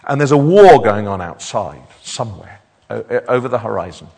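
A man preaches with a lively, swooping delivery and a slightly high, gravelly voice. His words ring out with a long reverb, like a church hall. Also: normal speed. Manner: animated, repeats words when building up. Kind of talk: sermon.

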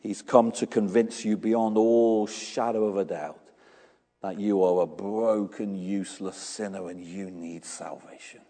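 A man's voice: lowish voice, unhurried. Preacher man in a reverberant church. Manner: animated storytelling, acting out little dialogues. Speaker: pastor. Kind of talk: sermon.

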